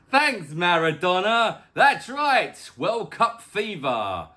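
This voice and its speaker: His voice sits high and sing-song, bright and forceful, at a moderate pace. Out in his garden, this weather update host runs a casual, jokey vlog, playfully chatting to whoever is watching.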